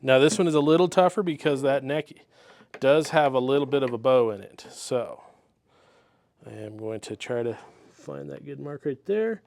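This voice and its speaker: A man talking through a guitar repair step by step in his workshop, relaxed and methodical as he works with his hands. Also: mid-range voice, normal speed, vocal fry, dry recording. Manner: relaxed, methodical, talks while working with hands. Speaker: luthier demonstrating a repair.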